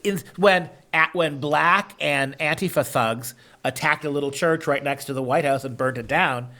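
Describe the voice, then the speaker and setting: Mocking man host, pitched a bit high, lots of rhetorical "right?". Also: moderate pace, sharp tone. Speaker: show host. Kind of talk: political talk show banter.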